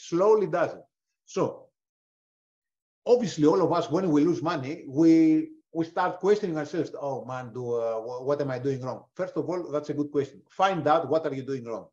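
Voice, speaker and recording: A man's voice: high voice, darkish tone, muffled recording. Emphatic man teaching in a webinar. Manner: emphatic, fires rhetorical questions and answers them, swears. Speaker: prop trader presenting a webinar.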